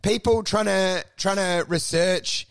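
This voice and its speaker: High-voiced, gravelly man. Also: slow pace, no room sound. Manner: animated storytelling with put-on voices and swearing. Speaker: podcast co-host. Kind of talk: casual comedic chat.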